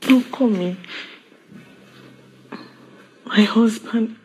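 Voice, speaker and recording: A woman's voice: a little high, drawn-out words, a little mellow, slight background noise, poor audio. An actress with a Nigerian accent playing a remorseful young wife who begs her husband's forgiveness, stammering through her apology. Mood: pleading. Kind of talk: film drama acting.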